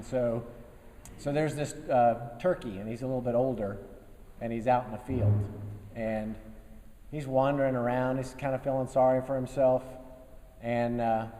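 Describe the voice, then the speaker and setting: A man in his fifties, an army general, giving a relaxed after-lunch speech to a business group, telling folksy stories with dry humor and many fillers. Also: mid-range voice. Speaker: guest speaker, army general. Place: meeting room before a live audience. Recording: long reverb of a meeting hall.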